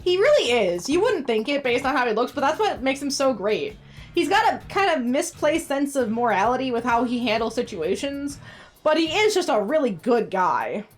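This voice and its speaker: A high-voiced woman streamer jokes her way through a game in a playful, chatty way. Her pitch leaps all over the place. Faint music plays behind her. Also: sing-song, moderate pace. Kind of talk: gameplay commentary.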